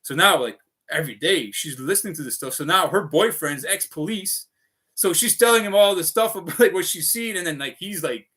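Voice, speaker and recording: A man's voice: high voice, expressive, fairly quick, bright, forceful tone, husky. A man rambling through a casual livestream, swearing often and piling up fillers as he talks. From Canada. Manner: profane, restless, full of fillers.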